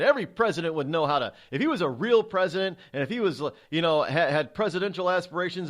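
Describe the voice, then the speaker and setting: A male radio talk host delivering political commentary with sarcastic, emphatic jabs. His slightly high voice swings widely in pitch as he leans on words. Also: lively intonation, fast, few pauses, a bit bright.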